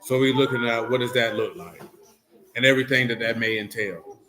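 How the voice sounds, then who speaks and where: A man's voice: medium pitch, fairly quick, crowd noise. A man leading a Bible study, teaching loosely and breaking into teasing, joking asides. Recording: echoey room.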